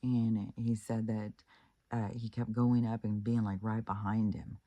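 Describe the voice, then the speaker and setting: A man's voice: on the low side, flat delivery, unhurried, dark tone, no room sound, highs cut off. A man from Kansas casually telling a creepy anecdote, rambling with many fillers and restarts. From Kansas, United States. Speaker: channel host. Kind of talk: casual storytelling.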